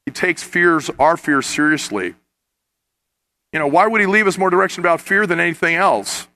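A man with a fairly high, bright voice delivers a sermon. He speaks earnestly and often swells into impassioned emphasis. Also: lively intonation, moderate pace. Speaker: pastor.

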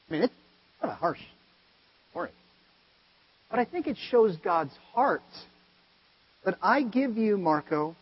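A man preaching a sermon, telling stories with animated swings between loud exclaiming and quiet earnest talk. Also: on the high side, breathy edge. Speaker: pastor. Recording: dull, lo-fi sound with long hall reverb.

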